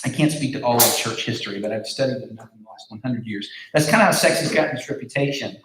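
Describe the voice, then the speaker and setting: A man's voice: medium pitch, fast, a bit bright, slight background noise. A man giving a casual youth group talk as pastor, conversational, with many fillers and repeated words. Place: large room with a group. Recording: echoey room.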